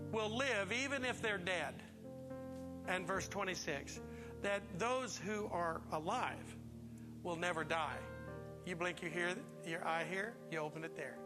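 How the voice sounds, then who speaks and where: Male pastor, higher pitched and bright, emphatic sermon delivery, in a long-reverb hall with faint music underneath. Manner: emphatic preaching with repeated rhetorical questions. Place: church sanctuary.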